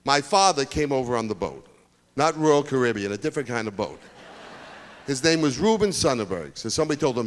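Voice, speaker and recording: An older man from Brooklyn, doing a stand-up comedy routine with rapid-fire jokes in a high school auditorium. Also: lively intonation. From Brooklyn, New York. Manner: rapid-fire joke delivery with bits of put-on voices.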